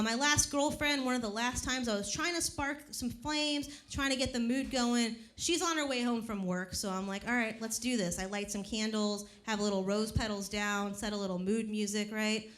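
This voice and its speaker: A woman's voice: a little high, fairly even intonation, moderate pace. A woman in her thirties doing a profane stand-up comedy set on a club stage, telling punchy stories. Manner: brash and profane, punchy storytelling. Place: comedy club stage before a laughing crowd. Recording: live club recording with faint crowd noise.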